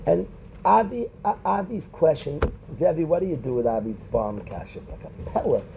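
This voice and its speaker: A rabbi teaching a Talmud class in a conversational way, quoting Hebrew and Aramaic and calling on students by name. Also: male voice, on the high side, lively intonation, moderate pace, creaky, background noise.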